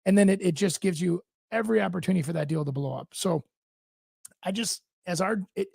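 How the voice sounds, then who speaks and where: A man's voice: sits high, fairly quick, gravelly, breathy edge, dry recording. A man from Minnesota, a real estate agent co-hosting a radio show in a studio, bluntly telling deal stories and acting out both sides of the talk. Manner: blunt, animated storytelling, acts out both sides of his deals. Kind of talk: casual studio chat.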